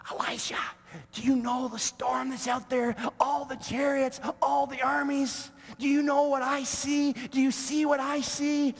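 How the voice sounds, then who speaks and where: A man's voice: very high-pitched, flat delivery, measured pace, creaky, big-room sound, pitched above the performer's own voice, full character voice. A man doing a frantic, panicked young servant.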